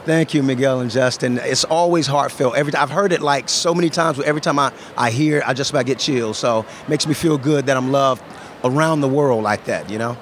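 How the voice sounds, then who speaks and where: A man's voice: medium pitch, fairly quick, a little hiss or hum. A man being interviewed as an actor guest, speaking graciously with laughs. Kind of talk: interview at a convention. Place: busy convention floor.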